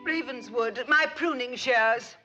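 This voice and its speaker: A woman's voice: fairly high pitch, takes it slowly, lo-fi sound, music in the background. An actress playing a prim, fretful rich society woman with a fussy, proper manner in a 1960s sitcom.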